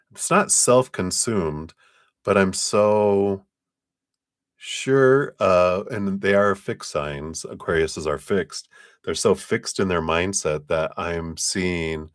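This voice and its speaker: A man's voice: low-pitched, dry recording, clean studio sound. A man doing a casual live tarot reading, chatty and loose in his phrasing, often breaking into laughter. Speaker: tarot reader on a live stream.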